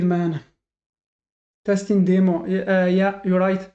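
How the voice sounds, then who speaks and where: A man's voice: high-pitched, flat delivery, slow, mellow. A man streaming his live day trading and talking to his chat, frustrated and self-critical, thinking aloud with many restarts. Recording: dull lo-fi sound.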